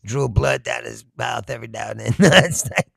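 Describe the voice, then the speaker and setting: Gravelly, profane man ranting with laughs. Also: mid-range voice, normal speed, fairly bright tone, no echo, clean studio sound. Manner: profane, laughs often, rambling asides. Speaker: political commentary host. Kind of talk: casual comedic political rant.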